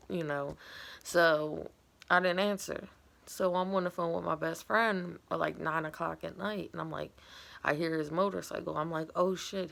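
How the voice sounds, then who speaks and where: A woman with a gravelly, creaky voice and a bright, forceful tone, talking casually and at length. She wanders through her story candidly, leaning on fillers. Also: on the low side. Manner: candid, rambling, filler-heavy retelling. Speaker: vlogger.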